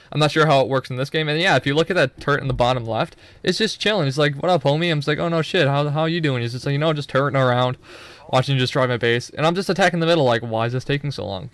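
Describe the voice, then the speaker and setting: A man's voice: medium pitch, fairly bright tone, clear, resonant tone, no room sound. A young man giving loose, profane, rambling commentary over his own gameplay footage, full of joking asides.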